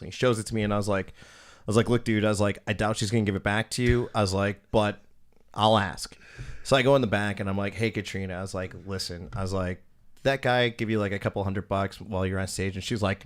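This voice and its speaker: A young man hosting a podcast, telling long profane stories in casual chat and acting out what people said. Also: on the low side. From Wisconsin. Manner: profane, rambling, acts out quoted dialogue. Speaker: podcast host, former strip club DJ.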